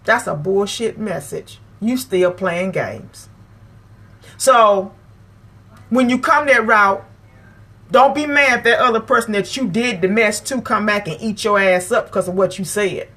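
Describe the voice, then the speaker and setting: A woman's voice: mid-range voice, a little slow, a bit bright. A woman, hosting her own channel and lecturing her viewers, emphatic and repeating phrases to drive her point home. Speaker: vlog host. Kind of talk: preachy advice talk to camera.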